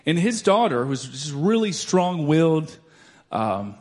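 Man preaching with animated swings. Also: fairly high pitch, unhurried. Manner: animated preaching, swinging from loud declarations to soft storytelling. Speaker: pastor. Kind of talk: sermon.

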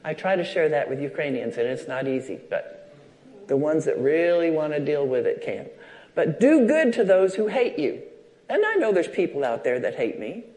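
A man's voice: on the high side, sing-song, normal speed, a little mellow. A man preaching a sermon at a church service, telling personal stories and acting out the voices in them. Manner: storytelling, acts out quoted dialogue.

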